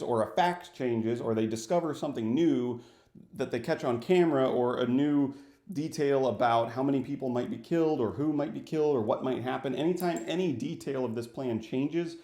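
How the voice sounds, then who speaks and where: A man talks through a film review in a casual, lively way and jumps into quick acted-out bits of dialogue. His voice sits in the middle range and bounces around a roomy, echoey space. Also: medium pitch. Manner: animated, acts out scenes with little voices. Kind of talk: casual movie review vlog. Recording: echoey room.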